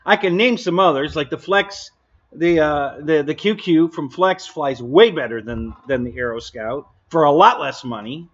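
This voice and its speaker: A man's voice: a little high, moderate pace. A man hosting a live stream, chatting casually and bluntly, laughing often and answering viewers' comments. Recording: dull lo-fi stream audio.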